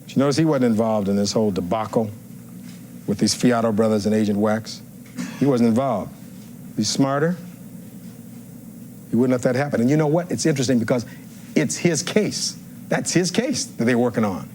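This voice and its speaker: A man's voice: mid-range voice, brisk, pauses often, darkish tone, a little hiss or hum. A man giving a courtroom closing argument as defense attorney, reading testimony aloud and firing rhetorical questions at the jury.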